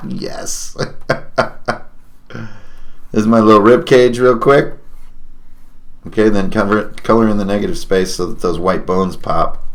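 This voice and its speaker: A man's voice: on the low side, fairly even intonation, normal speed. A man livestreaming as he draws, chatting casually, musing aloud and laughing often. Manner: laughs often, muses aloud while drawing. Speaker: artist streaming while drawing.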